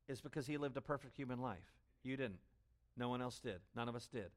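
A man preaching an expository sermon as pastor, stressing words loudly and then dropping to low asides. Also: fairly quick. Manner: emphatic, swings between loud stresses and low asides.

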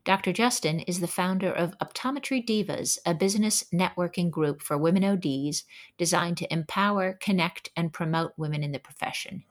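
Woman host reading a formal intro, lowish voice, steady and measured. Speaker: podcast host introducing award winners. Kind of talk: scripted introduction.

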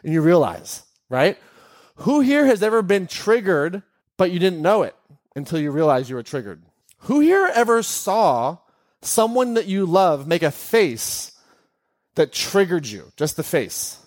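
A man giving a live teaching talk in a room with an audience, animated and constantly quizzing them. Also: sits high, normal speed. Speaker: workshop speaker.

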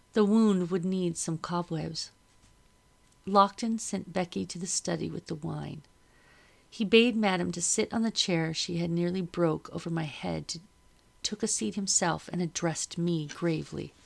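A woman reading a first-person novel aloud as audiobook narrator, steady and measured. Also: on the low side, creaky.

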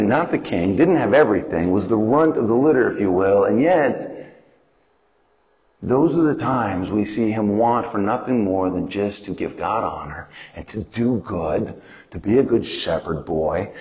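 A man's voice: lowish voice, darkish tone. A man teaching a Bible lesson in a conversational, explanatory way, sometimes asking listeners to repeat after him and acting out quotes. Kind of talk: Bible lesson, call and response. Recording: dull audio with long hall reverb.

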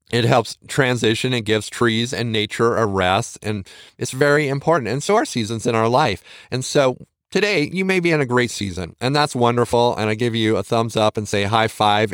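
A man hosts a motivational podcast in an earnest, coaxing tone, often restarting his sentences as he goes. His voice sits at an ordinary middle pitch. The recording is dry and close, with no room sound. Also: smooth, dry recording. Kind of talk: encouraging podcast talk.

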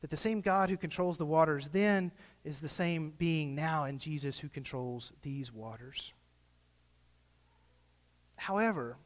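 A man preaching a sermon in a casual, conversational way, rising at times into impassioned pleas. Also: fairly high pitch. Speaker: pastor. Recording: long hall reverb.

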